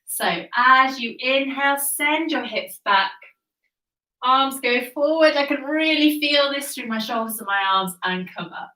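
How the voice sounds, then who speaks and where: A woman instructor talks a class through a Pilates routine with calm, encouraging cues. Her voice is bright and a bit sharp, and it sits back from the mic in a roomy, echoing space. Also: sits high, a little slow, distant mic. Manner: encouraging, calm cueing with breath counts. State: slightly out of breath. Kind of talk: guided workout instruction. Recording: echoey room, voice off-mic.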